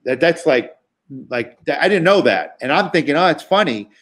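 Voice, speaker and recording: A man tells road stories as a guest, casual and profane. His voice sits a bit high for a man. He restarts sentences often and piles on fillers as he goes. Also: lively intonation, normal speed. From New York. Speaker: guest comedian. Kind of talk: casual storytelling.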